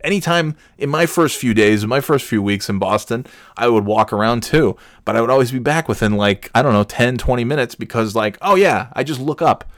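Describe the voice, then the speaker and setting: A man's voice: medium pitch, animated, brisk, no room sound, studio quality. A man telling a rambling, profane workplace anecdote in a casual monologue, full of fillers and growing exasperation. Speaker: storyteller.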